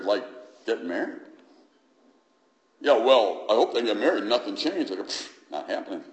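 A middle-aged man with a low voice gives a sermon in a reverberant church. He keeps it conversational, then climbs sharply in pitch and volume to drive home his points. The room's echo hangs on every line. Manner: conversational preaching that swells to loud, high emphasis. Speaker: pastor.

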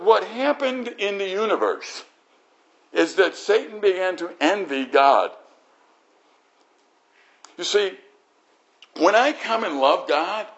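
A man's voice: high-pitched, fairly bright tone, highs cut off. A man preaching a sermon, acting out quoted voices in his talk. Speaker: pastor.

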